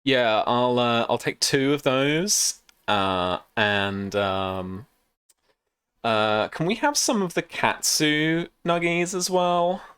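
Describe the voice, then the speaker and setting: A man's voice: mid-range voice, takes it slowly, fairly bright tone, clean tone, no room sound, studio quality. A man voicing a smug, drawling posh hipster young man phoning in a takeaway order. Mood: posh, casual.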